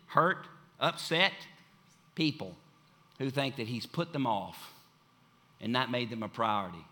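A man's voice: medium pitch, pushed and bright. A man preaching a sermon with an emphatic, repetitive cadence.

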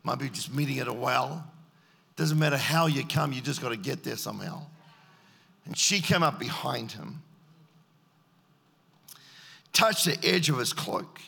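A man's voice: mid-range voice, moderate pace, gravelly, bright, forceful tone, breathy edge. A man preaching a sermon, telling the story and acting out its scenes in character voices. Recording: echoey hall.

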